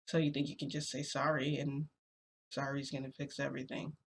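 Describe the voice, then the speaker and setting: A young woman voicing a calm, possessive adult man in her retold story, speaking firmly and measuredly. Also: very deep voice, brisk, breathy edge, heavily acted. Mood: stern.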